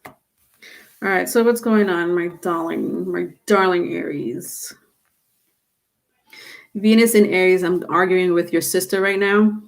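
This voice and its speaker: A woman's voice: on the low side, fairly even intonation, slow, vocal fry, pauses often. A woman giving a live-stream tarot reading, chatting with viewers and calling them by name. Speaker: tarot reader.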